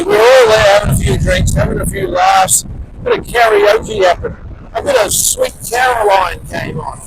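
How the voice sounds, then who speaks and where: A man with an Australian accent telling a rambling story to camera as a vlogger, with loud emphatic bursts. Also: extremely high pitch, gravelly. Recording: street noise and traffic behind.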